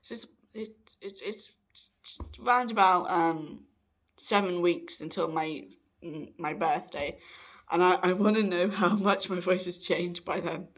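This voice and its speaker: Excitable young vlogger, slightly raspy. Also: male voice, high-pitched, measured pace. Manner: excitable, rambling, with many restarts. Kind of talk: casual chat to camera.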